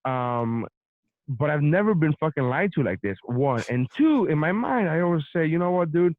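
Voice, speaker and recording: A man hosting a podcast, telling a story in a profane, animated casual rant. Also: on the high side, moderate pace, dry recording. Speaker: podcast host. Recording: dry, phone-like narrow sound.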